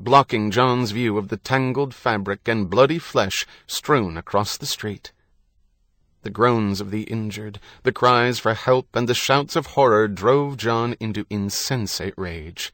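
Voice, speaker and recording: A man narrating an audiobook in a measured, grave reading. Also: fairly low pitch, a bit bright, no room sound, clean studio sound. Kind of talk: scripted narration.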